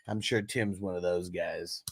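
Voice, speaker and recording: A man's voice: sits low, takes it slowly, a little hiss or hum. A man hosting a casual fantasy football livestream, joking and swearing as he reads chat comments aloud. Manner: animated, profane, laughs often while reading chat aloud. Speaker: fantasy football show host. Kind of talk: casual livestream sports talk.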